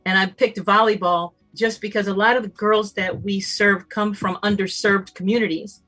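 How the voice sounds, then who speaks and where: A woman giving a motivational talk as a summit guest, emphatic and animated, acting out bits of dialogue. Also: mid-range voice. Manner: emphatic and animated, acts out dialogue in shifting voices.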